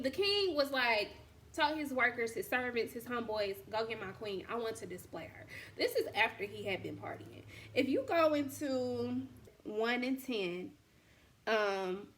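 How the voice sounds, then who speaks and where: A woman's voice: fairly high pitch, fairly bright tone. A woman hosting a casual faith talk, speaking candidly in slangy, storytelling fashion. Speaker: podcast host and boutique owner.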